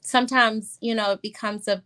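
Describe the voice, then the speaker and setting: A middle-aged woman pediatrician talking casually in a podcast interview, often acting out quick exchanges with her young patients. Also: fairly high pitch, steady tone, pushed and bright. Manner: chatty, acts out patient exchanges in quick quoted voices. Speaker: pediatrician guest.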